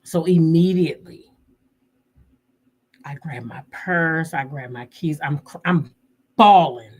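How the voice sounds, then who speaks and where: A woman telling viewers a personal story in a casual, animated and emotional way. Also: low-pitched, takes it slowly, slightly rough. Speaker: vlogger.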